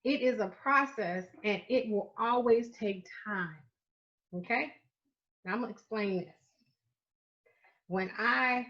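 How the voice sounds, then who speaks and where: A middle-aged woman with a Southern US accent speaks in a mid-range voice, earnest and emphatic as a life coach. She repeats her points and slows to lean on the key phrases. The audio is a bit dull and muffled. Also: mid-range voice, fairly bright tone. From Florida, United States. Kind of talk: livestreamed masterclass talk.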